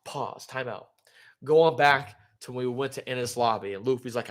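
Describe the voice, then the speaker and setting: A man's voice: mid-range voice, normal speed. A man hosting a live stream, casually recapping a manga chapter in a rambling way, full of fillers and "bro". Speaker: livestream host.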